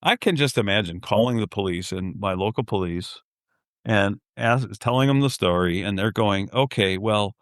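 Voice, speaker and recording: Slightly low in pitch and speaking at normal speed, a middle-aged man shares a casual story on a podcast recorded in clean, echo-free studio sound. He voices both ends of a phone call, laughing in disbelief.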